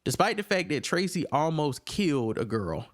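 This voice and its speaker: A man co-hosting a podcast, casually recapping an episode and jumping up in pitch when he acts out the characters' lines. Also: moderate pace. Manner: animated retelling, acts out characters' lines in a raised voice. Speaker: podcast co-host reviewing a TV episode. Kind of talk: casual chat, recapping scenes.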